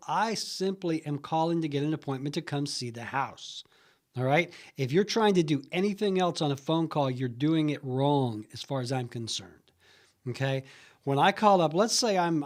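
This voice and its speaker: Man, slightly high voice, real estate trainer, conversational, acts out phone calls. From Huntsville, Alabama area. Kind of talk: training talk.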